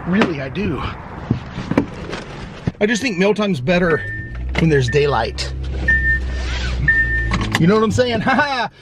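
A man's voice: high voice, very animated, measured pace, pauses often, loud music behind the voice. A young man vlogging in a casual, rambling way, swearing often and filling his talk with "like". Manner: laid-back, profane, rambling with many "like" fillers. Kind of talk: casual vlog chat. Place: outdoors, in his car and indoors at home. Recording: roomy camera audio.

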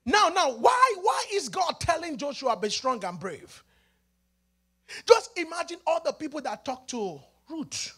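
Nigerian pastor guy, really high voice, slow and shouty sing-song preaching. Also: very animated. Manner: call-and-response preaching, swings from hushed to shouting, sing-song cadence. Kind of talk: preaching a sermon. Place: church.

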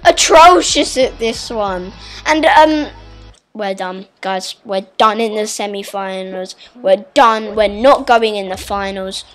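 A woman giving live gameplay commentary, muttering to herself, then bursting into shouts at setbacks. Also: medium pitch, takes it slowly, soft background music. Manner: excitable, swings from muttering to shouted outbursts. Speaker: gaming channel host.

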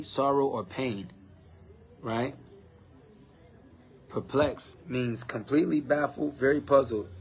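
A man preaching a sermon, defining scripture word by word, firing questions at his listeners and mocking complainers in a higher voice. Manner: defines words one by one, asks the crowd questions, mimics complainers in a higher voice.

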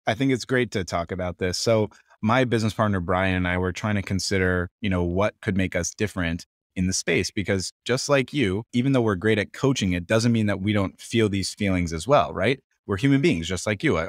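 A man guest from Florida on a podcast interview, telling a story in an upbeat, animated way. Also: sits low, brisk, few pauses, no echo, studio quality. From Tampa Bay, Florida. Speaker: guest entrepreneur.

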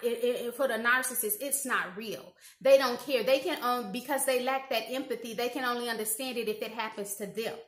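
Animated woman telling family stories. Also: a little high. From Indiana, USA. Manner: animated, acts out quoted dialogue, frequent "you know" and "like". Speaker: YouTube commentator. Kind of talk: casual storytelling monologue. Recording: roomy echo.

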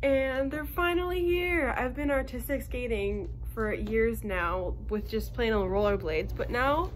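A woman vlogging outdoors about her new skates, talking in an excited, gushing way. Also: a little high, normal speed, hardly any pauses. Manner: gushing, breathless exclamations. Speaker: skating vlogger. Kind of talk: excited casual vlog.

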